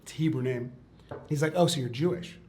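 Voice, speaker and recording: A man, a rabbi telling a personal story in a chatty, animated way. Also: mid-range voice, a little fast, a little hiss or hum. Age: 40s. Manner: chatty, quotes others in acted asides, lots of "like" and "okay". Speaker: rabbi and teacher. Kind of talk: storytelling talk on a live-stream.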